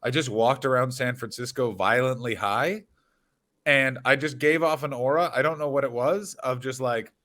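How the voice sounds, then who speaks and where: A man's voice: medium pitch, moderate pace, a bit bright. Wry man telling laid-back anecdotes. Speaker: podcast co-host, touring comedian. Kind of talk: casual comedic chat.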